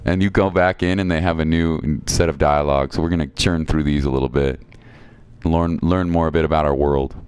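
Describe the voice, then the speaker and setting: A man's voice: extremely low pitch, steady tone, a little fast, a little mellow, clean tone, dry recording. A man streaming a video game, chatting casually and reading viewer comments aloud. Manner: chatty, reads viewer chat aloud, reacts playfully.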